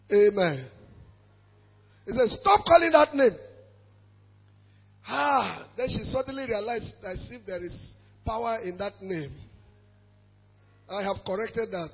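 High gravelly preacher. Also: male voice, lo-fi sound. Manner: emphatic preaching with shouts and call-and-response. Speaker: pastor. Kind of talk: sermon.

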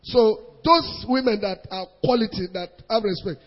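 A middle-aged man with a Nigerian accent, preaching to a congregation in lively storytelling, mixing Pidgin with English and acting out voices. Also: sits high, moderate pace. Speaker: pastor. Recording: dull recording in a large reverberant hall.

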